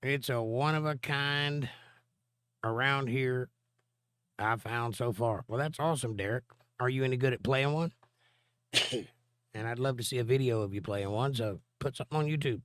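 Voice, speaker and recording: A hoarse man with laryngitis hosts a casual live stream in a mid-range voice. He reads viewer comments aloud, then answers them with long, explaining Bible talk. The recording is dry and close, with no room sound. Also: mid-range voice, normal speed, long pauses, fairly bright tone, no echo.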